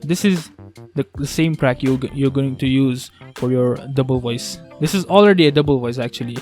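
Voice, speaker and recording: A man teaching a beatbox vocal technique in a casual tutorial, talking haltingly with restarts as he works out how to explain it. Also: mid-range voice, a little mellow, faint music behind. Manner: halting, restarts, thinks aloud.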